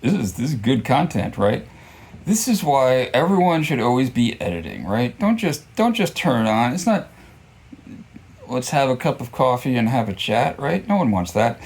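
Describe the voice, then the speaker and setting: A man's voice: mid-range voice, very animated, moderate pace, darkish tone, slightly rough. A man giving a casual, rambling book review, full of fillers and restarts, often joking at his own expense. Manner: rambling, self-deprecating, many fillers and restarts.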